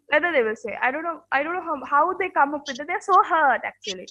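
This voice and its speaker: A woman with a high, bright voice teaches a classroom lesson on manners. She speaks earnestly, repeats herself often and keeps asking her students whether they follow. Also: quick pace, few pauses, muffled recording.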